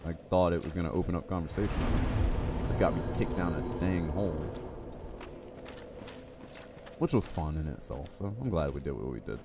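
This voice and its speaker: Deep-voiced chatty game streamer man. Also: moderate pace, creaky, long pauses, noisy background. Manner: chatty, jokey, talks to chat. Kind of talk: live gameplay commentary.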